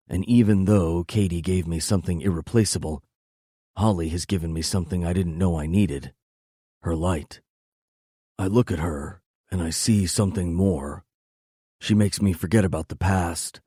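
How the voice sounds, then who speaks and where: A man reading a first-person romance novel aloud in a low, intimate, measured delivery. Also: mellow, husky, dry recording, clean studio sound. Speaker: audiobook narrator.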